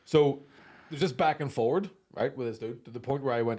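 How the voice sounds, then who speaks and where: A man, a comedian hosting a podcast, telling stories in casual banter, animated and full of swearing. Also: mid-range voice, a little fast.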